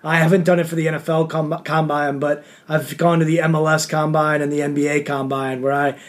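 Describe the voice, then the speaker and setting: Male podcast host, fairly high voice, relaxed and chatty, lots of fillers. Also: fairly quick. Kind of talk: casual interview.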